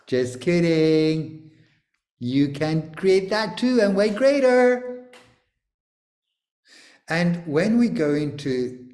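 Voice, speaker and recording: A man leading a group video call, talking in an animated, joking and teasing way, sometimes swearing. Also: on the high side, extremely slow, pauses often, echoey room. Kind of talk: energetic coaching talk on a video call.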